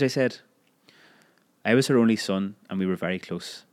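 A man narrating a memoir audiobook in a measured, expressive storytelling manner. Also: lowish voice.

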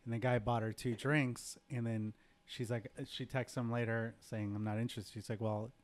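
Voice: mid-range voice, steady tone, normal speed. A podcast host in a casual chat, teasing the guest and joking while steering the interview.

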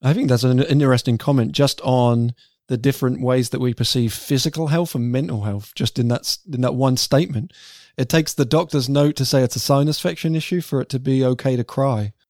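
A man's voice: medium pitch, a little fast, darkish tone, dry recording, studio quality. A man co-hosting a podcast, speaking candidly and with self-deprecating humor in a casual conversation.

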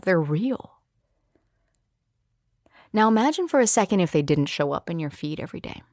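A woman's voice: medium pitch, a little mellow, no echo, clean studio sound. A woman hosting a solo podcast, talking candidly and expressively, with playful asides. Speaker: podcast host.

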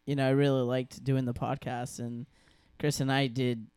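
Male podcast co-host, relaxed chat, dry close sound. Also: mid-range voice, moderate pace, clean tone, dry recording. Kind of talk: casual chat.

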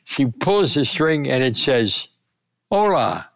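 Older man, gravelly voice, sportswriter, animated storyteller, dry close sound. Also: mid-range voice, unhurried, dry recording. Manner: lively anecdotal storyteller, acts out quotes. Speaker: sportswriter and columnist. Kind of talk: storytelling in a conversational interview.

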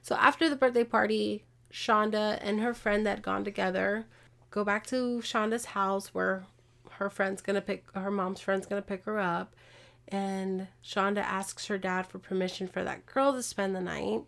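A woman hosting a podcast, casually retelling a true-crime case with animated, exasperated asides. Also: mid-range voice, normal speed, gravelly. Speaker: podcast host.

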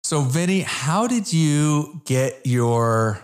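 A man's voice: fairly high pitch, expressive, slow pace. A man hosting a casual interview, friendly, with enthusiastic reactions. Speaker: host.

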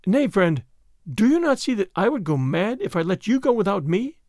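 A man's voice: sits high, sing-song, moderate pace, darkish tone, no room sound, clean studio sound. A man voicing a desperate noble lady who pleads earnestly for help. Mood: resolute. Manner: pleading, urgent.

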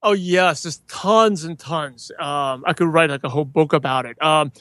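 A man as a guest in a casual interview, talking enthusiastically and acting out greetings with animated emphasis. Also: on the high side, normal speed, no room sound. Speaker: podcast guest, podcaster.

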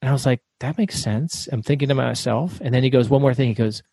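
A middle-aged man telling stories as a guest author in an interview, talking fast and loud. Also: mid-range voice, gravelly, slightly rough, dry recording. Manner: fast, loud, animated storyteller. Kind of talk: storytelling interview.

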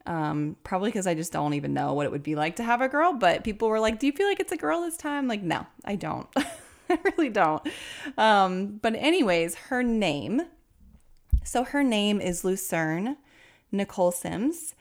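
With a medium-pitched voice and a moderate pace, a woman in her thirties shares a personal story on her podcast. Her manner is chatty and full of laughter, and she turns animated whenever she quotes other people.

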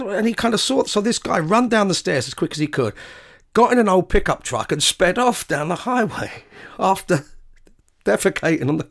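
A man's voice: high voice, animated, fairly quick. A man hosting his own podcast, telling a rambling tour anecdote with self-corrections and chuckling asides. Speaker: podcast host and bandleader. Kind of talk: casual anecdotal storytelling.

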